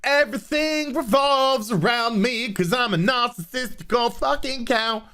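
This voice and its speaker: A man's voice: very high-pitched, a little slow, bright, forceful tone, full character voice. A man mocking a smug self-obsessed woman officer. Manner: whiny, mocking.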